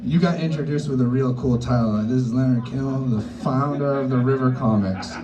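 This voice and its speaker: A man's voice: mid-range voice, brisk, crowd noise. A man doing a loose, profane stand-up set in a bar, rambling and mocking himself. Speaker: stand-up comic. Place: comedy bar stage.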